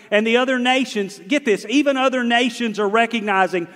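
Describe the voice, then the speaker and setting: A middle-aged man, a pastor preaching a sermon, swinging between loud and hushed delivery. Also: very high-pitched, a little fast, hardly any pauses, in a large hall.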